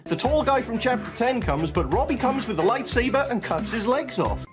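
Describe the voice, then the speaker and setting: A woman reads viewer comments aloud between cartoon scenes. Her somewhat high voice swings up and down. Music plays clearly behind her. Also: moderate pace, hardly any pauses. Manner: animated, switches between many character voices. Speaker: animator voicing all characters. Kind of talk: reading comment requests and voicing cartoon skits.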